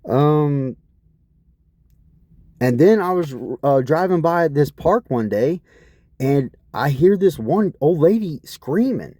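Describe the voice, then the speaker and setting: A man vents a long, rambling personal account in a put-upon, profane tone. His pitch swings up and down a lot, and his voice is dark and mellow. The recording is close and dry, with no room sound. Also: expressive, slow, no room sound. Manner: aggrieved, profane, repeatedly asks what is wrong with people. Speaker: vlogger.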